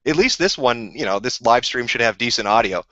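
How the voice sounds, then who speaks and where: A man's voice: mid-range voice, lively intonation, fairly quick, sharp tone, no echo. A man on a live stream, answering viewer questions in a rambling, profane, combative rant. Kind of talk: casual ranting live stream. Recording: dull lo-fi dry sound.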